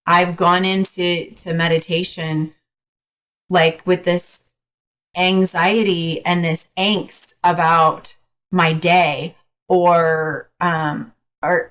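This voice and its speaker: A woman coach as a podcast guest, talking frankly in a casual, hesitant way with many pauses. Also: on the low side, fairly bright tone, low-quality recording. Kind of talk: casual interview chat.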